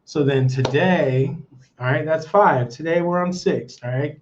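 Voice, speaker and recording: A man's voice: on the high side, a little slow. A man with an American accent hosting a casual livestream, rambling and checking in with his viewers with "okay?" and "all right?". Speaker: livestream host. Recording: dull lo-fi stream audio.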